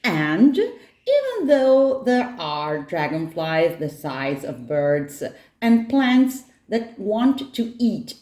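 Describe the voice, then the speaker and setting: A woman's voice: on the low side, darkish tone, roomy sound. A woman voicing a stubborn, doubting little girl in a storybook, insistent and exasperated.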